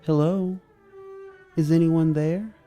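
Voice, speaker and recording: A man voicing a lonely little boy trapped in a well, speaking in a small, pleading, frightened way, with soft music behind. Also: a little high, steady tone, takes it slowly, pitched above the performer's own voice.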